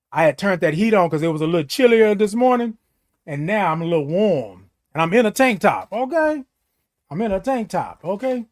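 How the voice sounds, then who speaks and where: High-voiced man hosting a livestream. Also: very animated, fairly quick. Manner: reads viewer comments aloud and answers them; says "indeed" and "y'all" often. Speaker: livestream host. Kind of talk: casual livestream chat reading comments.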